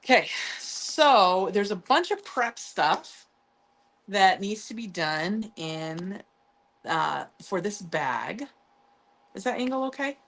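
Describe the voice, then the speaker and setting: A chatty, upbeat woman talks her viewers through a sewing project in a relaxed live stream. Her voice sits at a middle pitch, and she fills her talk with casual ums and playful little asides. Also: slow pace. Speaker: sewing channel host.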